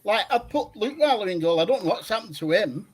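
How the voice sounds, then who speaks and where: A man's voice: high-pitched, lively intonation, brisk. An older man calling in to a fan phone-in, telling long rambling stories with many hesitations. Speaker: caller. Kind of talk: phone-in chat.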